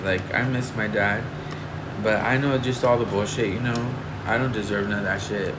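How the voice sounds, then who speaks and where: A man's voice: lowish voice, steady tone, normal speed. A man from Northern California chatting casually with livestream viewers, confiding and emotional, rambling with lots of fillers. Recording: air conditioner hum behind.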